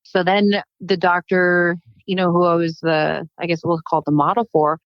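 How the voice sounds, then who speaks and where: A woman guest on a casual podcast, telling animated stories and acting out what people said. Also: on the low side, moderate pace, no room sound. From United States. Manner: animated storytelling, acts out quotes. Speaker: guest, plastic surgeon. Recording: dull, muffled podcast recording.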